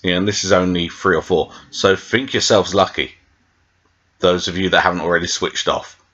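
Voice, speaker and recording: A man's voice: sits low, fairly even intonation, moderate pace, a bit bright, muffled recording. A British man reviewing a TV episode in a meandering, tangent-filled casual chat, full of fillers. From Britain. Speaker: TV show reviewer.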